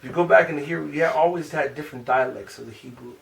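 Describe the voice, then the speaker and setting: A man with a Chicago accent teaching a small group class, asking questions and slowly repeating syllables. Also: a little high, vocal fry. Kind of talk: informal group language lesson. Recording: distant room mic with faint noise.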